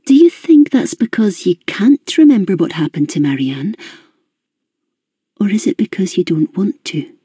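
A woman reading the lines of a calm, gentle female therapist, soft and reassuring. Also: on the low side, moderate pace, husky, no echo, clean studio sound.

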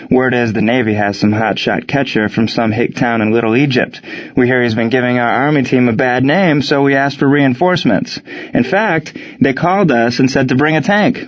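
A man's voice: mid-range voice, a little fast, lo-fi sound, natural voice. A man voicing Ward, a cocky older-brother soldier who teases but can turn sincere. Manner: cocky, teasing.

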